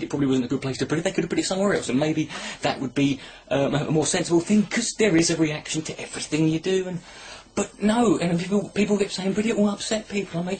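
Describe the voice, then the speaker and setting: A man's voice: on the high side, breathy edge. Sarcastic rambling man. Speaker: comedy vlogger. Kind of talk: rambling satirical monologue. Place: at home filming himself. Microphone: camera mic.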